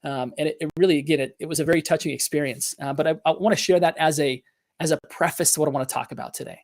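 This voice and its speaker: Earnest man, fairly high voice. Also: fairly even intonation, rapid-fire. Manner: earnest, confessional, with many fillers and restarts. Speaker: podcast host. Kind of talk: motivational business talk.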